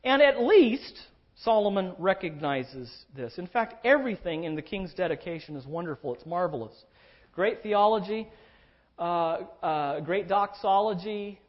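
A man preaching an expository sermon, emphatic and animated, drawing out key words for stress. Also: sits high, measured pace. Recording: dull lo-fi recording.

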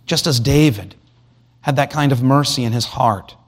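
A man's voice: medium pitch, moderate pace. A man preaching an expository sermon, asking rhetorical questions and reading scripture aloud. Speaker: pastor.

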